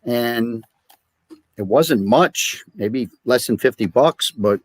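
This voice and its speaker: A man's voice: mid-range voice, animated, slow pace, no echo, studio quality. A man chatting on a video call as a record collector, rambling and indignant about prices. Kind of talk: casual video-call chat.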